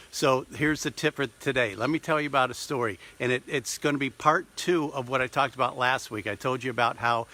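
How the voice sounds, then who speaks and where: A middle-aged man, a business coach, telling a personal story in a motivational vlog with an animated manner. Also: mid-range voice. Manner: lively, animated, acts out quotes and voices. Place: recording on a trip abroad.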